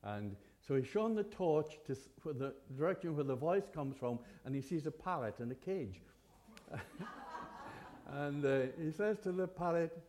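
Man preaching with a warm, mellow voice. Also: a little high, animated, measured pace, pauses often, a little hiss or hum. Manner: earnest, conversational, with hesitant restarts. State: occasional cough. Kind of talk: sermon.

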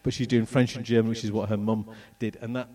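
A middle-aged man from England telling a personal testimony with slides, in an animated storytelling manner. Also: lowish voice, fast, distant mic. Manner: animated storytelling, acts out voices and moments. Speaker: speaker telling his testimony.

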